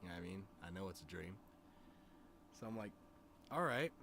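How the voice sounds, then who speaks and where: A man with a lowish voice, streaming and spinning a long dream story for his chat. He rambles, restarts, swears freely and keeps asking if you follow him. A faint hiss of noise sits under his voice. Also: steady tone, fast, gravelly. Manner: rambling, profane, filled with "you know what I mean". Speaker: streamer and musician.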